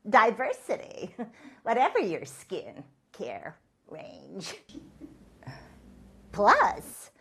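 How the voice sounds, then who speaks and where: A comedian voicing a self-absorbed female celebrity wellness guru who was once an actress, speaking in airy, deadpan one-liners. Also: mid-range voice, very slow, gravelly, pauses often, slightly rough, exaggerated voice. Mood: smug. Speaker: talk show guest. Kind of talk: stand-up character comedy.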